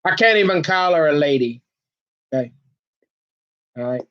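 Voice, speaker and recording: A man from Minnesota in a rambling, folksy comic rant, who keeps dropping into a mock-deep voice. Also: animated, moderate pace, muffled recording. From Minnesota, USA. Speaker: vlogger.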